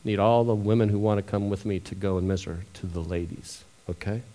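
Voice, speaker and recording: A man preaching a sermon as pastor, moving from quiet storytelling to loud, emotional scripture reading. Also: on the low side, steady tone, a little fast.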